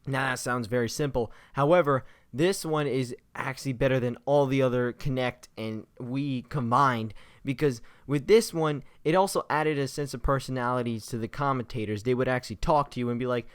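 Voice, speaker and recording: An enthusiastic young man talks through his gaming impressions in a loose, rambling way, full of fillers and restarts. His voice sits at an ordinary middle pitch. The sound is dry and close, with little room echo. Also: moderate pace, hardly any pauses, clear, resonant tone. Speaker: gaming vlogger.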